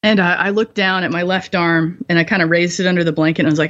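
A woman's voice: fairly low pitch, fairly even intonation, rapid-fire, few pauses, a bit bright. Young woman, blunt, profane, laughs through grim stories, slightly muffled audio. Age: 20s. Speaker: guest, former bomb disposal technician. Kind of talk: candid storytelling interview.

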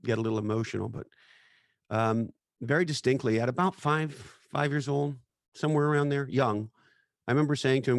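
A man's voice: mid-range voice, brisk, vocal fry, no echo, clean studio sound. A middle-aged man speaking as a podcast guest, telling personal stories in an earnest, reflective way. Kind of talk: casual chat.

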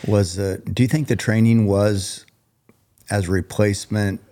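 Male podcast host, deep voice, rambling questioner, lots of listening sounds. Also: fairly even intonation, unhurried, dark tone. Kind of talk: interview questions.

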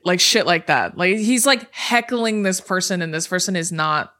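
A woman's voice: lowish voice, moderate pace. A woman co-hosting a casual chat, telling a story with lots of swearing and acting out the people in it. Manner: animated storyteller, swears freely, acts out voices and yelps. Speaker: podcast co-host.

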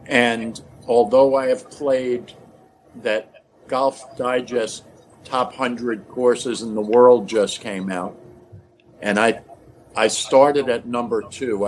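A man of ordinary pitch chatting as a podcast guest. He tells lively stories and laughs often. Faint noise hums underneath. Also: slow. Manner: animated storyteller, laughs often. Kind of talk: casual chat.

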